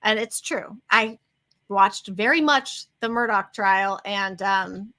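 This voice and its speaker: A woman's voice: medium pitch, slow pace, sharp tone. A woman co-hosting a casual livestream chat, talking in long, rambling tangents. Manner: chatty, wanders into tangents. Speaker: co-host.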